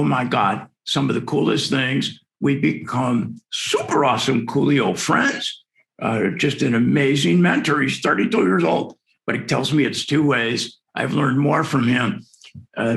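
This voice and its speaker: A man's voice: medium pitch, creaky, fairly bright tone. A man in his sixties giving an enthusiastic, story-filled lecture to dentists at a virtual conference. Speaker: dental lecturer. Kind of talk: conference presentation. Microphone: video call.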